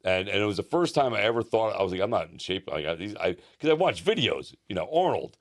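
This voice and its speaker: A middle-aged man co-hosts a casual podcast, a personal trainer telling rambling stories. His voice sits low and his delivery is quick, full of restarts and fillers. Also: big pitch swings.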